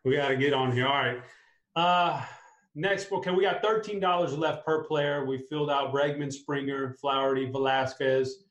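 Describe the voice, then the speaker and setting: A man hosting a casual fantasy sports chat, upbeat and talking his picks through out loud. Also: mid-range voice, moderate pace, reverberant, rough recording. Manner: upbeat, talks through a lineup aloud. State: clearing a tickle in his throat. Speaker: fantasy sports show host.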